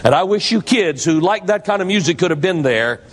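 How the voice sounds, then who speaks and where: Speaking fairly quickly, this preacher delivers a sermon story with drama and emphasis, his voice expressive and his pitch moving for effect. A long reverb from the hall surrounds him.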